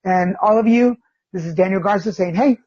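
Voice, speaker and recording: A man hosting a podcast interview in a relaxed, laid-back way, with many fillers and easy laughs. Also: sits high, brisk. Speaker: podcast host. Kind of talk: casual interview. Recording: dull lo-fi sound.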